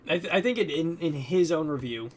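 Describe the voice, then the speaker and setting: Young man animatedly recapping a film. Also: a little fast. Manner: animated storytelling, acting out characters with loud high bursts; heavy use of fillers like "like" and "you know". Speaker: podcast co-host.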